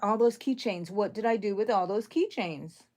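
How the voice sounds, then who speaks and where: A middle-aged woman hosting a live crochet stream, chatting with viewers and counting her stitches aloud softly. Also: medium pitch, moderate pace. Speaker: crochet channel host.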